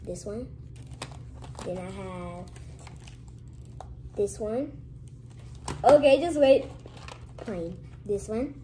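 A young woman chatting casually to camera in a vlog, lively and sometimes dropping to hushed whispers. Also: medium pitch, drawn-out words, long pauses, background noise. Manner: lively, switches to hushed whispers when nervous. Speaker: vlogger.

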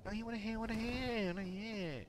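A man voicing an exasperated woman who scolds someone, in a squeaky, repetitive way. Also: brisk, slight background noise, natural voice.

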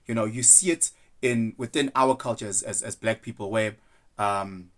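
A man's voice: lowish voice, moderate pace. A young man talking through his thoughts in a casual, rambling monologue, earnest and loose, slipping into quoted voices now and then. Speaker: vlogger.

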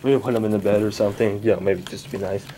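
Imagine a man playing a laid-back sidekick with a voice dropped low and kept soft and quiet. He sounds easygoing and unhurried. There is a faint hiss behind him. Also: fairly even intonation, natural voice. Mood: relieved.

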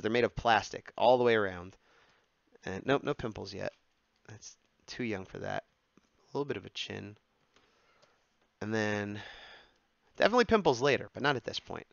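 A man's voice: on the low side, expressive, normal speed, creaky, pauses often, no room sound, muffled recording. A man streaming himself sketching, muttering and humming as he draws and chatting to viewers in a casual way. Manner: mutters and hums to himself while drawing, then turns to chat brightly. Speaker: streamer sketching and taking requests. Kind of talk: casual live-stream chat while drawing.

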